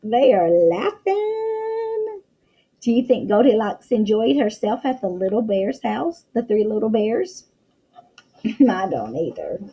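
A woman's voice: medium pitch, big pitch swings, a little slow, husky, lo-fi sound. A woman teacher reading a picture book aloud to young children, full of exclamations and questions to the listener.

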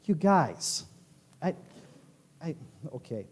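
A male pastor preaching a sermon in a church, swinging from quiet asides to loud declarations. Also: fairly high pitch, big pitch swings, takes it slowly, slightly rough, big-room sound. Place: large church sanctuary.

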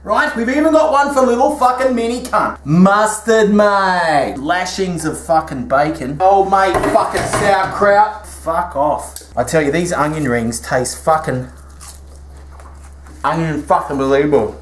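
A man's voice: sits high, measured pace. Australian man, crude cooking show host, foul-mouthed, brash, echoey kitchen, faint background noise. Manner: brash, swears constantly. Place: home kitchen.

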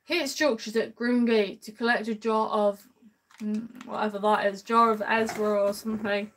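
A woman's voice: medium pitch, steady tone, moderate pace. A woman streaming gameplay live, chatting with viewers in an upbeat way and calling them man and bro. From United Kingdom.

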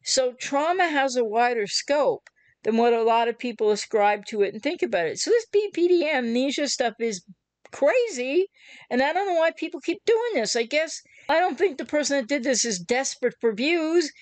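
A woman's voice: high voice, expressive, moderate pace, no room sound. A woman coaching on relationship recovery, talking emphatically to viewers and acting out the listener's reactions. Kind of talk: explanatory talk to viewers.

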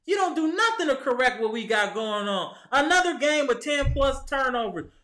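A man's voice: very high voice, sing-song, normal speed, pushed and bright, echoey room. A man, giving a heated, exasperated fan rant about his team's loss, talking straight to the players. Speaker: sports vlogger. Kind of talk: ranting fan commentary. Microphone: camera mic.

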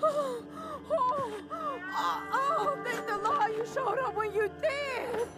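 An actress voicing a spirited frontier woman living in a swamp, dramatic and sharp-tongued, in a western game. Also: very high voice, big pitch swings, normal speed, loud music behind the voice. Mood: relieved.

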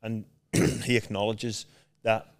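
A man hosting a casual podcast interview, calm and reflective, often answering with short affirmations. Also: on the low side, slow pace, gravelly. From England. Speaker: podcast host, former footballer.

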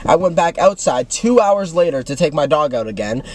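A man's voice: fairly high pitch, expressive, moderate pace, darkish tone. A young man co-hosting a casual chat in a car, reading viewer stories aloud and answering with a dry "correct.". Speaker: co-host reading viewer submissions. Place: inside a car.

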